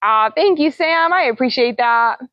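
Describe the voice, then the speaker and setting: A woman's voice: high voice, lively intonation, normal speed, no room sound, highs cut off. A woman hosting a casual livestream as a parrot trainer, chatting with viewers and cooing to her birds in a singsong voice. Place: outdoors.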